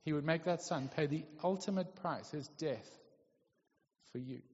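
A man's voice: fairly high pitch, normal speed. A man preaching a sermon in a conversational way, often checking in with his listeners. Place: church hall. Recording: lo-fi, echoey hall.

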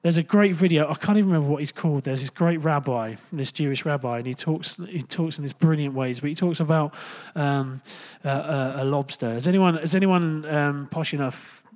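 A young man preaching a relaxed, conversational sermon, chatty and joking, with lots of fillers and quick self-corrections. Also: fairly high pitch. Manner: animated, jumps into loud playful asides.

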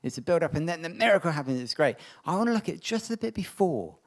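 A man preaching a sermon, reading Bible passages aloud and dramatizing the voices in them. His voice sits slightly higher than most men's. He speaks with an animated, conversational storytelling manner. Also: fast talker.

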